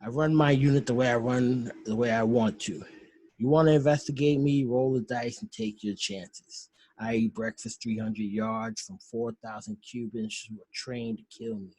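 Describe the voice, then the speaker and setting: A hard-nosed, defiant colonel who pushes his words out and then drops low, as a man recites him. The voice is somewhat husky and dry, with nothing of the room around it. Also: normal speed, a little mellow, no echo. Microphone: video call.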